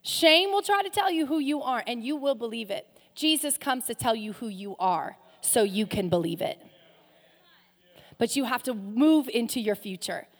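A woman pastor preaching a sermon, passionate, swinging from loud rises to soft, hushed drops. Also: fairly high pitch, animated, moderate pace. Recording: long hall reverb.

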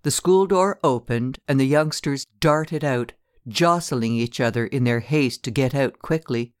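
A man narrating a classic short story in a measured, steady storytelling manner. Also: mid-range voice, dry recording, clean studio sound.

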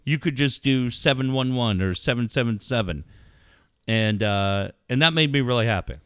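A man hosting a casual podcast chat, telling stories with lots of swearing and loud acted-out quotes. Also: mid-range voice, moderate pace, clear, resonant tone, dry recording, studio quality. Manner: animated storyteller, swears a lot, acts out quotes loudly. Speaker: podcast host organizing a charity event.

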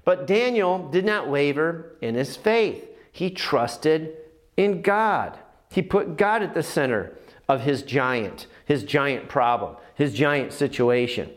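Passionate preacher with a fairly high voice. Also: male voice, animated, slow pace. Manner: passionate storytelling preacher, repeats phrases for emphasis. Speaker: pastor. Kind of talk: sermon.

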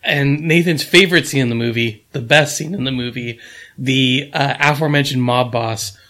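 A man on a casual film podcast who adds dry, wry comments. He speaks in an easy, relaxed way between his co-hosts. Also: mid-range voice, normal speed. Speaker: podcast co-host. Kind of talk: casual movie review chat.

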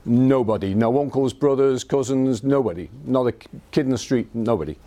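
A man's voice: medium pitch, a little fast, mellow. A middle-aged man with a Scouse accent giving an evening talk to an audience, telling life stories in a self-deprecating way with frequent restarts. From Liverpool, England. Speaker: invited speaker.

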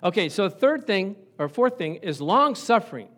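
A man preaching a sermon, telling lively stories and acting out the voices of the people in them. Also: high-pitched, normal speed. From Italian family background. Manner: animated storytelling, acts out voices. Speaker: pastor.

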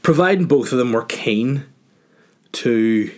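Northern irish lad rambling through listener questions, swears a lot, jokey, mid-pitched voice. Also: male voice, lively intonation, takes it slowly. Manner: crude, joking, rambling. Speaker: podcast host answering listener questions. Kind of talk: casual chat.

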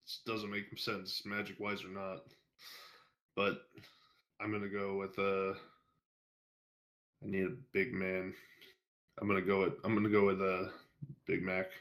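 A man's voice: low-pitched, monotone, measured pace, long pauses, fairly bright tone. A man being interviewed on a podcast, chatting casually and rambling with jokes and swearing. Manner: rambling, profane, joking. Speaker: podcast guest, fan fiction writer.

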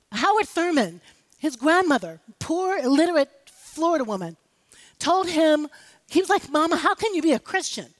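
A woman preaching an impassioned sermon, rallying the congregation with call-and-response. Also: sits high. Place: church sanctuary. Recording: live hall with long reverb.

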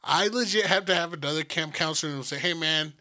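Animated profane man telling stories. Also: fast. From Colorado. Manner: animated, profane, jumps into high excited voices when quoting. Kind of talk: casual storytelling chat.

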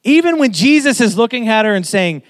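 A man in his thirties preaching a sermon in a casual, conversational way, getting animated as he makes his point. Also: extremely high pitch, fairly quick.

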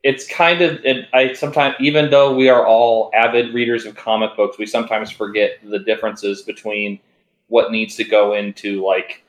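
Male co-host, low-pitched, sarcastic, recorded in a roomy space. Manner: wry, sarcastic. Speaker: podcast co-host. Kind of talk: casual chat.

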